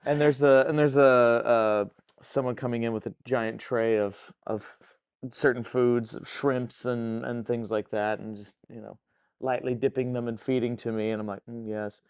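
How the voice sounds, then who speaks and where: Smooth-voiced man, halting table talk. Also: mid-range voice, steady tone, a little mellow, no room sound. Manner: halting, filler-heavy. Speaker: player.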